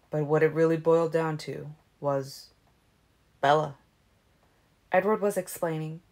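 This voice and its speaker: A woman reading a novel aloud as an audiobook in a steady, even way. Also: on the low side. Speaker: audiobook reader. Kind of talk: audiobook narration.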